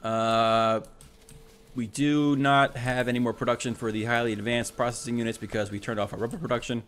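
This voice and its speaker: With a little hiss or hum in the background, this man speaks fairly quickly in a medium-pitched, fairly bright voice with flat delivery. He's a let's play host casually describing his gameplay, thinking aloud, self-correcting, and talking to the robot units.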